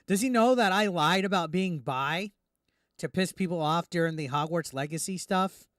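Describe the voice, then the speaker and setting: A man hosting a reaction commentary, ranting indignantly and quickly, tripping over restarts as he talks. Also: sits high, fairly bright tone, dry recording, studio quality. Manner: heated, indignant, fast with repeated restarts. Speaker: YouTube commentary host.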